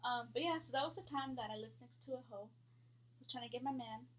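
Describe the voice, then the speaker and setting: A woman's voice: on the high side, fairly quick. A woman in her thirties telling a storytime vlog in a blunt, heated, profane way.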